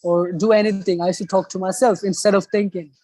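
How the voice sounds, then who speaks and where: A man's voice: sits high, fast talker, dry recording, low-quality recording. A young man with an Australian-style accent he learned, talking casually as a guest on a video call. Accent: Australian accent learned as a second accent. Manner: relaxed, speaks with a put-on Australian-style accent. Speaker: interview guest, subscriber.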